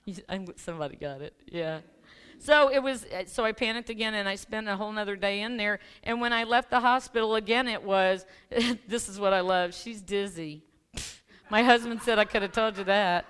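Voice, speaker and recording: With a brisk pace and a clean, fairly bright, medium-pitched voice, a woman addresses a church congregation as guest speaker. Drawing on her work as a life coach, she tells a personal story in a chatty, self-deprecating way, and the room laughs with her.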